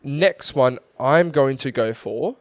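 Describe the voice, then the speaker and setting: A man's voice: medium pitch, slow, dry recording. A young man jokes his way through a podcast chat. His voice is in an ordinary middle range, and the recording is close and dry. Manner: easygoing, joking, swears casually. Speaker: podcast co-host. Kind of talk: casual chat.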